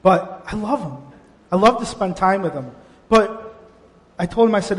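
A middle-aged man, a pastor preaching a sermon, telling stories in an animated way with frequent restarts. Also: high voice, moderate pace, pauses often. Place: church sanctuary. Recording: long hall reverb.

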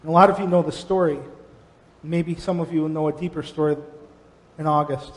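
Middle-aged male pastor, sermon delivery, higher-pitched, animated with frequent restarts, long hall reverb. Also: fairly quick. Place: church sanctuary.

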